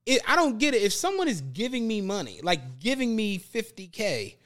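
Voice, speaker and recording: The voice belongs to a man co-hosting a podcast, pitched high and at a normal speed. His storytelling is animated and loose with profanity, and he performs other people's quotes as he relays them.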